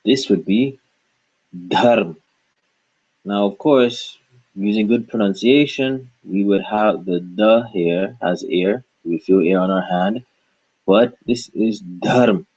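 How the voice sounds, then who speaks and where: A man teaching a patient pronunciation lesson, repeating each word slowly and asking questions to guide the learner. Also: on the low side, darkish tone, breathy edge, muffled recording. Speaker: language teacher.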